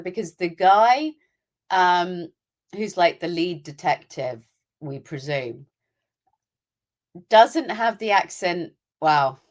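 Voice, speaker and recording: Young British woman, low-pitched, podcast co-host, opinionated and chatty. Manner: chatty and opinionated, acting out asides. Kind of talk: casual chat.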